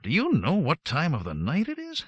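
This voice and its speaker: Man doing a gruff, roused ex-agent. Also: on the high side, huge pitch swings, normal speed, no echo, muffled recording, pitched above the performer's own voice, exaggerated voice. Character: grumpy retired male secret agent woken at night.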